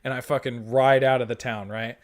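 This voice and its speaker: A man's voice: mid-range voice, brisk. A young man casually retelling a tabletop game session, swearing freely and quoting the other players. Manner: profane, animated retelling with quoted dialogue. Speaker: podcast host.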